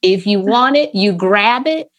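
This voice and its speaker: A woman therapist talking in a podcast conversation, animated and acting out the voices she quotes, with laughs. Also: mid-range voice, unhurried.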